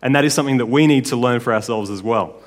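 A male preacher delivers a sermon in a relaxed, conversational way and keeps checking in with his listeners. His voice sits in a middle pitch. A long reverb from a large hall follows his words. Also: fast talker. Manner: casual, conversational, with tag questions.

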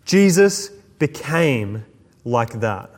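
A man preaching a sermon, swinging between slow, hushed emphasis and quick asides. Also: medium pitch, very animated. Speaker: pastor. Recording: long hall reverb.

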